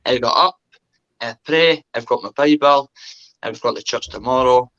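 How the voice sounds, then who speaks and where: A man's voice: medium pitch, moderate pace, fairly bright tone, lo-fi sound. A man talking earnestly and at length as a guest, peppering his speech with "mate". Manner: earnest, rambling, says "mate" constantly. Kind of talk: casual chat.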